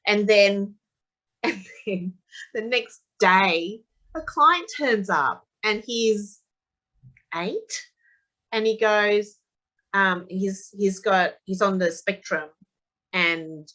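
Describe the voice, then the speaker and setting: A woman, a tapping practitioner, talking casually as a guest and telling animated stories. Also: medium pitch, extremely slow, long pauses, poor audio. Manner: animated storyteller, acts out quotes of her son. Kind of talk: casual conversational interview.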